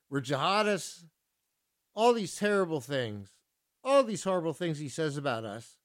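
A man working as a radio DJ, announcing songs and then ranting indignantly, with a lot of repetition. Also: high-pitched. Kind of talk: casual radio DJ talk.

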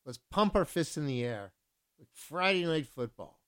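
Guy dj on community radio, kinda high voice, rambling and swearing between tracks. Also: big pitch swings, moderate pace, a bit bright, clean tone. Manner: loose, profane, repeats himself when riled. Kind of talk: casual radio DJ chat and rant.

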